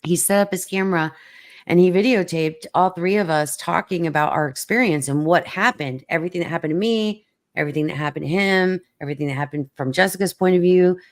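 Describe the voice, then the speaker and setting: A middle-aged woman hosting a relaxed chat. Her voice sits low, and she tells her story animatedly, stumbling over restarts. When she acts out what people said, she jumps into a higher voice. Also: brisk. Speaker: host. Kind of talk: casual chat, telling a story.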